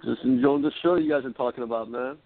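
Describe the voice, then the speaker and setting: A man co-hosting a casual combat sports podcast, animated and laughing often. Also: mid-range voice, fast talker, gravelly. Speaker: co-host. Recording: phone-like narrow sound.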